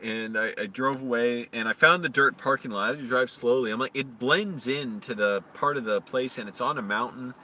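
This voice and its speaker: Rambling male live-streamer outdoors, bright voice. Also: fairly quick, hardly any pauses, slight background noise. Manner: rambling anecdotes, restarts, rises high when retelling arguments. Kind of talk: casual live-stream storytelling.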